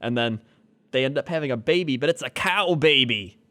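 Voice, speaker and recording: Podcast co-host, a man of middle pitch, a rambling storyteller. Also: expressive, fairly quick, bright, forceful tone. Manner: rambling storyteller, filler-heavy, laughs easily. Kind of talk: casual comedic chat.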